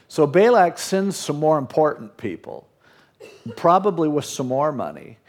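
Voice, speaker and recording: Brief: easygoing male preacher, conversational sermon storytelling, slightly high voice. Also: very animated, measured pace. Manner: casual storytelling, retelling scripture in plain modern speech. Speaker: pastor.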